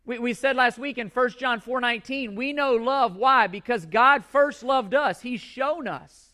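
A man's voice: extremely high pitch, unhurried, pushed and bright. A male pastor delivering a sermon to his congregation in a church, emphatic and repeating key words for stress.

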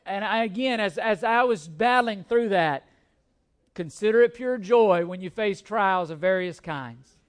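A pastor in the pulpit with a notably high voice for a man, his delivery lively and full of self-mocking humor. He is a middle-aged man who tells a story with quick restarts, then settles into preaching. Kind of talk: sermon with humorous personal story.

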